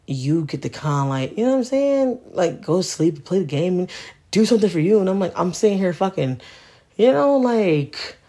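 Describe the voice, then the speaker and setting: Husky-voiced tired mom venting. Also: female voice, lowish voice, very animated, moderate pace, mellow. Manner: profane, frustrated, keeps asking "you know what I mean". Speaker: podcast host, mother. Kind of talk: casual venting monologue.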